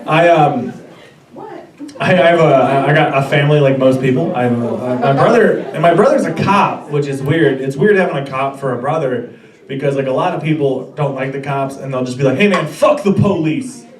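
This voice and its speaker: A young man in his twenties performs stand-up on a club stage, rambling, putting himself down, and stammering into restarts. His voice is medium-pitched and fairly quick. The audio is roomy and distant, with the crowd laughing.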